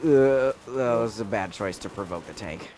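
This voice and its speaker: A young American man chatting as a celebrity guest while playing a video game, breaking into excited shouts at the game. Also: on the low side, normal speed, a little hiss or hum. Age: young adult.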